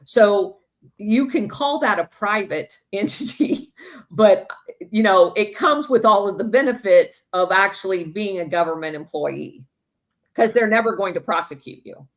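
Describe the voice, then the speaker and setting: A woman's voice: mid-range voice, animated, a little slow. A woman co-hosting a podcast, talking matter-of-factly in a casual discussion. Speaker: podcast co-host.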